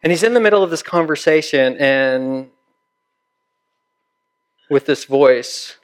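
A male pastor giving a sermon, telling a story with deliberate, dramatic pauses. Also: a little high, lively intonation, clean tone.

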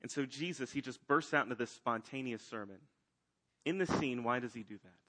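A man preaching a sermon, swinging between loud emphatic lines and hushed ones. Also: medium pitch, brisk. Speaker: pastor.

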